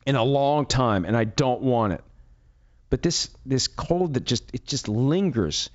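A man's voice: medium pitch, highs cut off. A man hosting a sports talk show in a casual, rambling monologue while fighting a head cold and a runny nose. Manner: chatty, rambling, self-deprecating asides. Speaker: sports radio host.

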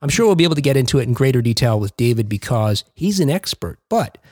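A male podcast host in his forties with a lively, animated voice that swings up and down in pitch. He jokes and chats casually, and the sound is dry and close to the mic. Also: quick pace, dry recording. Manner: animated, joking, laughs often. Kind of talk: casual chat.

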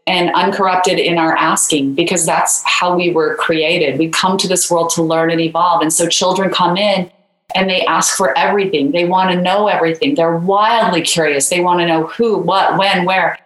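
A woman's voice: on the low side, a bit bright, echoey room, rough recording. A woman guest author in an interview, telling a story in a loose conversational way with many fillers.

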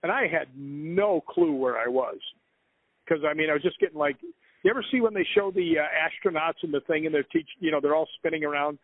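A man's voice: a little high, a little fast, no echo. A man telling long, rambling stories as a guest author in an interview, breaking into laughs. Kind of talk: storytelling in an interview. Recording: phone-like, dry line.

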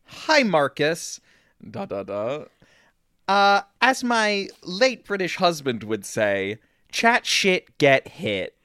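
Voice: mid-range voice, big pitch swings, slow, a bit bright, dry recording, studio quality. A performer voicing a spiteful, passive-aggressive older aunt who talks in a sugary drawl with giggles, in comedy improv. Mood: indignant. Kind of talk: comedy improv of social media comments.

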